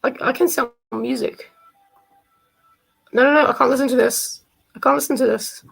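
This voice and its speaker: A woman's voice: sits high, fairly even intonation, normal speed, vocal fry, fairly bright tone, slightly rough, poor audio. Rambling woman on a live stream. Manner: rambling, jokey, easily sidetracked. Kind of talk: casual live-stream chat.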